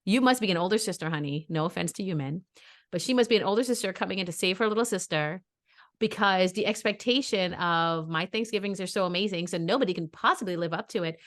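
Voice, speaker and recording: A woman co-hosting a casual podcast. She is a mother and talks bluntly, giving animated opinions and telling stories. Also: on the low side, fast talker. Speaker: podcast co-host. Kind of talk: casual chat.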